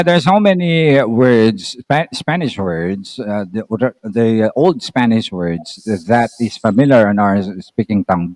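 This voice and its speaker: A Filipino man with a Filipino accent, chatting casually as a host on a video call and explaining things slowly with examples. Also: mid-range voice, darkish tone, no room sound, low-quality recording. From Philippines. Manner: explains slowly, with repeated examples and filler sounds. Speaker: channel host.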